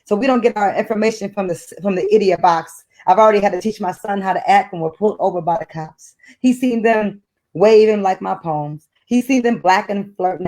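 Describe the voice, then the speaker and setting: A woman's voice: mid-range voice, a little mellow. A middle-aged woman from Detroit, a poet reading her work aloud with a rhythmic, emphatic spoken-word delivery and then chatting as a book club guest over a video call. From Detroit, United States.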